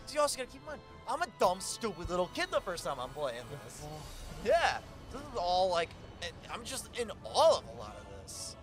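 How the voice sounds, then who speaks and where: A young man chatting casually over a gameplay video, excitable, swearing and laughing often. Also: sits high, normal speed, over music. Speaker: co-host watching a gameplay playthrough. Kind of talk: casual gaming chat.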